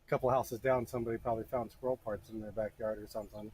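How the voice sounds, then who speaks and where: A man's voice: on the low side, little pitch movement, racing, darkish tone, a little hiss or hum, low-quality recording. A man working as a blacksmith, giving casual hands-on instruction to a beginner and chatting with stories as he works.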